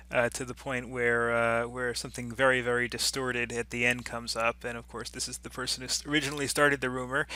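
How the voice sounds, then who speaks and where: A man's voice: medium pitch, bright, forceful tone. A man giving a recorded business course lecture in a conversational way, with frequent fillers and restarts.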